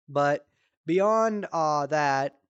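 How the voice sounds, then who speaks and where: A man's voice: on the high side, fairly bright tone, clean tone, no room sound, dull audio. A young man streaming on a headset mic, rambling through profane comic stories and laughing at his own jokes. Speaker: streamer comedian. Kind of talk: casual comedic storytelling.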